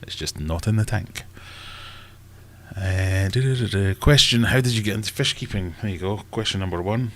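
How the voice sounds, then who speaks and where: A man's voice: on the low side, normal speed, a bit bright. A Scottish man hosting a casual fish-keeping live stream, rambling and joking at himself as he thinks aloud. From Scotland. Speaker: aquarium channel host.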